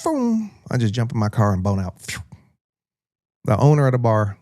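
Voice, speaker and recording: An American man tells a story on a podcast, loose and profane, slipping into the voices of the people he quotes. His voice is mellow and warm. The sound is dry and close, with no room echo. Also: mid-range voice, wildly swooping pitch, normal speed. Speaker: podcast host telling a story. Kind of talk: casual storytelling.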